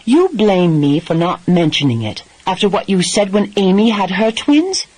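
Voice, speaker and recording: A man doing a stubborn young American wife, husky, defensive, hedging, storybook romance. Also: high voice, big pitch swings, normal speed, a little mellow, no echo, voice pushed up, rough recording.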